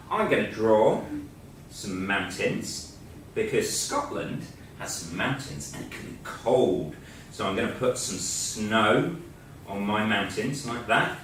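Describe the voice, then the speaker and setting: A male teacher leads a school assembly in a playful, joking way, with lively swoops in his pitch. He speaks at an unhurried pace. His voice is picked up from a distance in a very echoey room with faint background noise. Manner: playful, joking, talks while drawing. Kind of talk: light-hearted assembly presentation.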